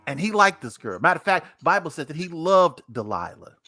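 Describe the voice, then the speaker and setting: A man with a high, lively voice tells a story to his co-hosts in animated casual chat. He sounds bright and emphatic, and he repeats key points to drive them home. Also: fairly quick. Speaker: podcast host.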